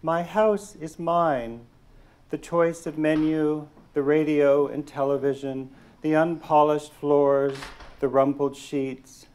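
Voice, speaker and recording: A man, a poet, reading his poems aloud at a lecture event, pausing with hesitant asides between poems and reading the verse in a slow, measured way. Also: fairly high pitch, fairly even intonation, a little mellow, a little hiss or hum. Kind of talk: poetry reading. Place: lecture hall.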